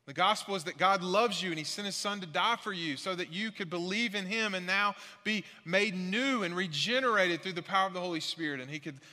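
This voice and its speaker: A man's voice: high-pitched, brisk, hardly any pauses, sharp tone, big-room sound. A male pastor preaching a sermon in a church, earnest and emphatic, repeating his key points. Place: church sanctuary.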